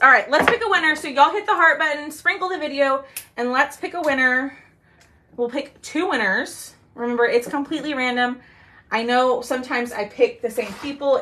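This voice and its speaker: This woman has a high, bright, forceful voice, and there's a little hiss or hum in the background. She chats casually with her livestream audience while demonstrating a craft for a live sale. She uses lots of "um"s and drags out her "y'all"s.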